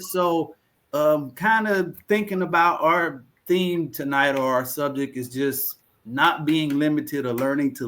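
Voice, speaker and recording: A man's voice: fairly high pitch, fairly bright tone. A man hosting a podcast, asking questions in an encouraging, enthusiastic way. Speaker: podcast host. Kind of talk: podcast interview.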